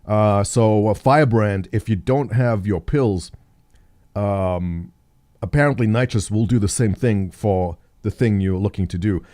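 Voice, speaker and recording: A man's voice: fairly low pitch, a little slow, darkish tone. A middle-aged man hosting a live stream, chatting casually and jokily with viewers, thinking aloud and reading the chat. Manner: rambling, jokey, thinks aloud, reads chat. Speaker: livestream host.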